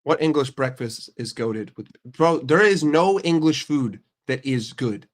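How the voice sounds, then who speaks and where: A man's voice: medium pitch, lively intonation, unhurried. An American man chatting casually on a livestream, his voice stuffed up from a cold. He is brash and profane, firing back at chat with mock outrage. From United States. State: sick with a stuffy nose. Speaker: streamer answering chat.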